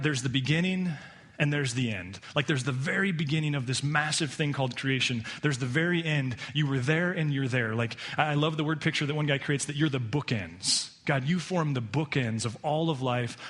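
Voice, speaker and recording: A male pastor delivers a sermon in a loose, chatty way, at an ordinary middle pitch. He jokes with the congregation and often trips over and restarts his phrases. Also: moderate pace, fairly bright tone. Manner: casual and joking, with many restarts and "like". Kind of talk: conversational sermon. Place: church sanctuary.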